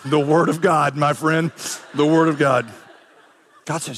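A man preaching a sermon as pastor, animated, acting out quoted voices with big swings in pitch. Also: moderate pace, long pauses, big-room sound.

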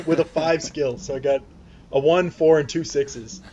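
A man's voice: fairly high pitch, steady tone, a little slow, mellow, slight background noise. A man playing a tabletop game, easygoing and methodical as he reads out his dice, on a dull, slightly muffled mic. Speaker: player. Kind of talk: tabletop play, reading dice rolls.

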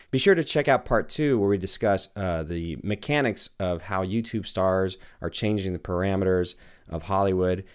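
A man hosting a podcast, chatting in an easygoing, encouraging way and closing the episode. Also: low-pitched. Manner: easygoing, encouraging, laughs along. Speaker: podcast host. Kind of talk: casual interview and podcast outro.

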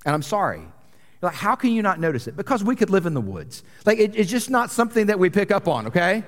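A man's voice: high voice, sing-song, brisk. A young man preaching a casual, conversational sermon as a pastor, with a joking, self-deprecating manner. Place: church sanctuary. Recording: long reverb of a large church hall.

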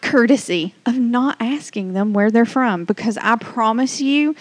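A woman's voice: on the high side, unhurried, dry recording. A woman with a Southern US accent hosting a loose, unscripted podcast, rambling and restarting her sentences. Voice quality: rambling, restarts a lot, chatty. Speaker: podcast host. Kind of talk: casual unscripted podcast chat.

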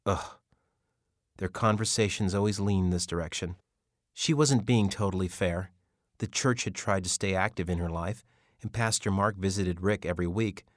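A man narrating an audiobook novel in a measured storytelling manner. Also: deep voice, dry recording, clean studio sound. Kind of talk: scripted narration.

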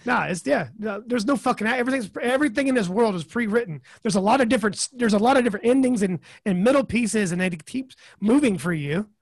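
High, gravelly, swearing podcast host. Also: male voice, animated, fast talker, hardly any pauses, no room sound, clean studio sound. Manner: blunt, swears freely, rambling asides. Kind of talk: casual podcast chat.

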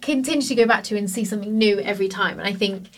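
A woman's voice: mid-range voice, racing. A woman hosting a podcast, talking in an enthusiastic, effusive way with her guests. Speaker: podcast host. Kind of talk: casual interview chat. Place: trade fair stand.

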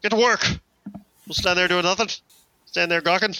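Homem fazendo um marinheiro mandão e ríspido. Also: male voice, steady tone, moderate pace, no room sound. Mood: bossy. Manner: barking orders, high and loud. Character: gruff bossy male sailor.

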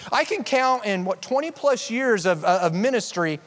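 A man's voice: high voice, animated, normal speed, long reverb tail. A pastor preaching a sermon in an earnest, conversational way, often restarting his sentences. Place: church sanctuary.

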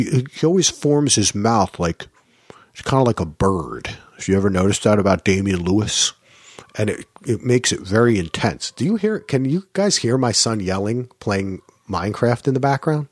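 A man with a low, husky voice hosts a casual solo podcast from his home. He rambles in a chatty, joking way. The sound is dry and close, with little room echo. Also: animated, normal speed. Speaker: podcast host.

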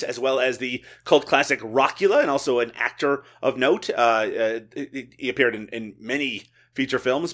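Man, podcast host, bright ringing voice, joking, laughs a lot. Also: mid-range voice. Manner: joking, animated, laughs often. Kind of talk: casual podcast chat.

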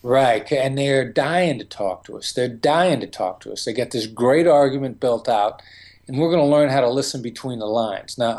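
A man's voice: mid-range voice, darkish tone. A man as an interview guest, explaining negotiation tactics and acting out remembered conversations. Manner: storytelling, acts out quoted exchanges.

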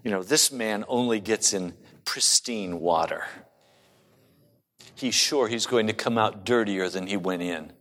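Slow, unhurried male pastor preaching. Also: on the low side, fairly bright tone, long reverb tail, a little hiss or hum. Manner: storytelling with humor. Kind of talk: sermon.

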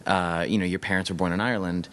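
Fast-talking exasperated man. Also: sits low, steady tone, a bit bright. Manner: rambling, exasperated. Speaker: podcast co-host. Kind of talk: casual film review chat.

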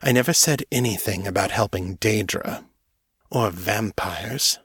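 A man's voice: on the low side, unhurried, a bit bright, breathy edge, no echo, clean studio sound, exaggerated voice. A man voicing a menacing male skunk-morph mage who speaks in a cold, mocking way in an audiobook.

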